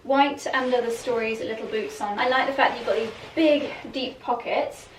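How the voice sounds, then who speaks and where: A chatty young woman muses aloud about outfits, laughing often. Her voice sits a touch high and bounces off the walls of the room, with a faint hiss under it. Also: normal speed, distant mic. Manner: chatty, giggly, thinking aloud. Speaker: fashion vlogger. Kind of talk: casual vlog chat. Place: room at home, trying on clothes. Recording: echoey room, voice from off-mic.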